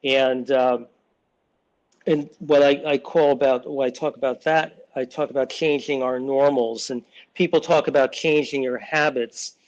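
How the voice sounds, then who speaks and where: A man's voice: medium pitch, fairly even intonation, measured pace, highs cut off. A man in his sixties, a children's author, talking through his ideas in a loose, rambling way, often restarting sentences and briefly acting out relatives' voices. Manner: rambling, many restarts, acts out family voices. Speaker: children's book author, guest. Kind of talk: casual interview talk.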